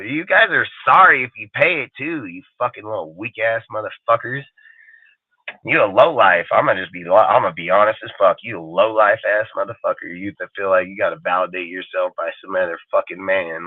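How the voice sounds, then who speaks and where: A man with a lowish voice hosts a live stream of angry ranting, swearing without letup and mocking how other people sound. His audio comes through tinny and phone-like, dry with no echo.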